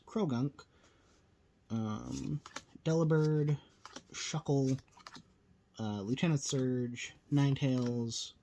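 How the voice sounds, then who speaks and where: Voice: medium pitch, warm tone, slight background noise. A host giving casual, rambling commentary while opening card packs, a little tired and full of fillers. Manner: rambling, filler-heavy, self-deprecating.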